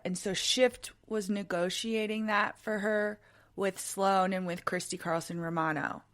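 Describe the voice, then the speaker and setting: Woman co-host, mid pitch, blunt and dry, casual commentary. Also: fairly even intonation, measured pace. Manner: blunt, dryly critical storyteller. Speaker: podcast co-host.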